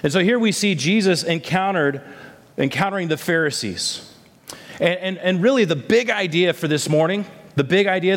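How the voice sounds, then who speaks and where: A man's voice: sits high, a bit bright, big-room sound. A man preaching a sermon as a pastor, reading scripture and then telling a story in an earnest, emotional way with stammered restarts. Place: church sanctuary.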